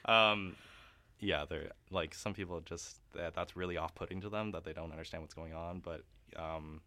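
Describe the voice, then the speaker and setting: A man's voice: deep voice, steady tone, moderate pace, bright, forceful tone. A young man, a guest opera singer, chatting casually in a radio interview, laughing often and using many fillers.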